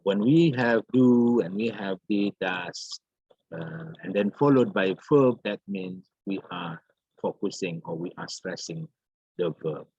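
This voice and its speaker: Slow, husky-voiced man teaching grammar. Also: sits low, animated, darkish tone, dry recording. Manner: halting and repetitive, restarts phrases, many fillers. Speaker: English teacher. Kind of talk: recorded grammar lesson. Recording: dull lo-fi dry recording.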